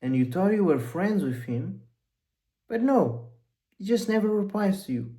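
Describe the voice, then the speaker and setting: A man's voice: sits high, sing-song, measured pace, dark tone, poor audio. A young man giving a blunt, profane motivational monologue as a coach, rambling and intense.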